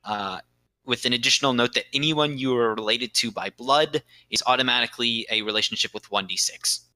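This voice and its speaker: A man walks his players through a tabletop game's rules in a relaxed podcast chat. His voice is very bright and sits close and dry on the mic, and he pads his explanations with lots of "um"s before punching a point. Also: medium pitch, a little fast, no room sound, rough recording. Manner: explanatory, many fillers, bursts of emphasis. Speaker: game master explaining rules.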